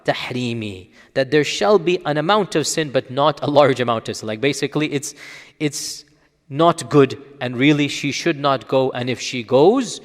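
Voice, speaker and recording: A man's voice: medium pitch, moderate pace, long reverb tail. A man, an Islamic scholar, giving an explanatory lecture, teaching earnestly and often asking rhetorical questions and checking in with listeners.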